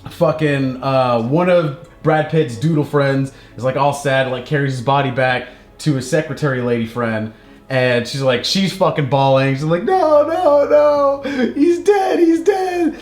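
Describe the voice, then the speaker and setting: A man's voice: mid-range voice, moderate pace, soft background music. A man co-hosting a casual comedy podcast, retelling a movie plot in a rambling, profane way, full of filler words and silly put-on voices. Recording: echoey room.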